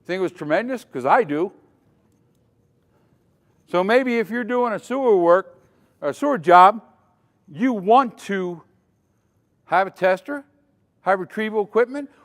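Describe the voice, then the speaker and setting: An older man giving a dramatic safety lecture at a conference, quizzing the audience as he goes. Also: high voice. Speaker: safety trainer. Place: conference hall. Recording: long hall reverb.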